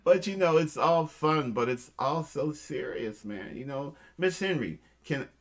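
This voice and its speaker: A man's voice: fairly high pitch, expressive, measured pace. Playful joking man hosting a show. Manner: playful, joking, motivational, calls listeners family. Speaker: host. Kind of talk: casual show chat.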